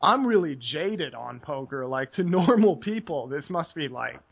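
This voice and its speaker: American male podcast co-host, higher pitch, tired and loose, slightly dull lo-fi sound. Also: very animated, unhurried, gravelly, breathy edge. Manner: rambling, filler-heavy, laid-back. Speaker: podcast co-host, poker coach. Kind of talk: casual podcast chat.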